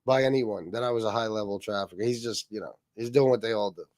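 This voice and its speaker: A man's voice: fairly low pitch, fast talker, darkish tone, no room sound. A man hosting a livestream, commenting on clips with mocking, scornful asides. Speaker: livestream host.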